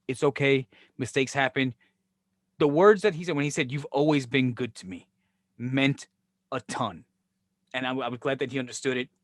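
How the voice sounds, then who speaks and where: A man hosting a podcast, telling wrestling stories in casual chat, animated and profane, acting out the dialogue. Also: medium pitch, dry recording, studio quality. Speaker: podcast host, former wrestling booker.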